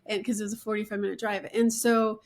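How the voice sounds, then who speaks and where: A woman's voice: mid-range voice, level tone, fast talker. Middle-aged woman host from Utah, mid-range voice, chatty and rambling. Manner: chatty, rambling with fillers and asides. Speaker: podcast host, real estate agent. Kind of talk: conversational interview chat.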